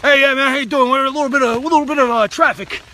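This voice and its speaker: A man's voice: very high-pitched, steady tone, rapid-fire, sharp tone, a little hiss or hum, voice pushed up. A man voicing a friendly young blue-collar guy from Brooklyn, with a Brooklyn accent and an eager, casual manner.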